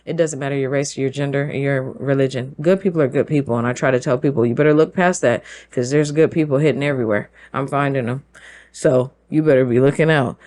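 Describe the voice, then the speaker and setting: A woman's voice: a bass voice, darkish tone, slight background noise. Emphatic woman hosting a monologue. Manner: emphatic, fires rhetorical questions. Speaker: show host. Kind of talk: opinion monologue.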